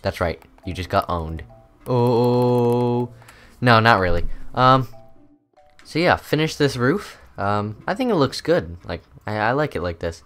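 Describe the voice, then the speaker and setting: A man's voice: mid-range voice, animated, a little slow, fairly bright tone, soft background music. A young man hosting a gaming video, chatting loosely through his gameplay with lots of ums and uhs. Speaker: gaming channel host. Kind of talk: casual gameplay commentary.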